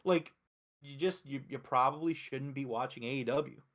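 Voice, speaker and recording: A man from Philadelphia hosting a casual wrestling review show, talking excitedly and emphatically with frequent swearing. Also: mid-range voice, moderate pace. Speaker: host.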